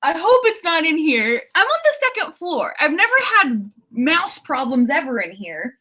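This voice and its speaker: Bubbly young woman livestreaming from her apartment, super lively voice, giggles a lot. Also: high voice, moderate pace. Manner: giggly, excitable, laughs often; reads viewer comments aloud. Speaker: author livestreaming writing sprints. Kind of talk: casual livestream chat.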